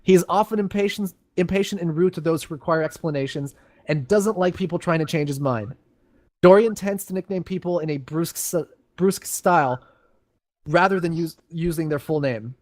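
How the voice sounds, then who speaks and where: A man's voice: fairly high pitch, expressive, normal speed, a little mellow. A young man reading game lore aloud on voice chat, breaking off for chatty, self-mocking asides. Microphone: headset on voice chat.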